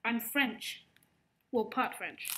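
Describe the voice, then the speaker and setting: A young woman playing an excitable female musketeer in an improvised online game role-play, shrieking one moment and whispering the next. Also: on the high side, slow, crowd noise. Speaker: player voicing a musketeer in an online animal game.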